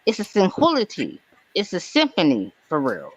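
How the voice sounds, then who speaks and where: A woman's voice: on the low side, wildly swooping pitch, normal speed, no echo. A woman on a live panel, talking earnestly and rambling about words and frequency. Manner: earnest, rambling, spiritual talk. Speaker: panel guest. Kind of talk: casual live panel chat. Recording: dull lo-fi mic.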